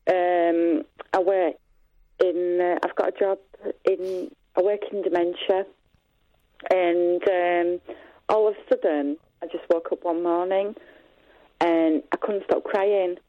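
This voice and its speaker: A middle-aged woman calling a phone-in, talking hesitantly with many pauses, sounding distressed. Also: lowish voice, level tone, no echo. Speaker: caller. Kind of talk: phone-in call. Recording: tinny phone line.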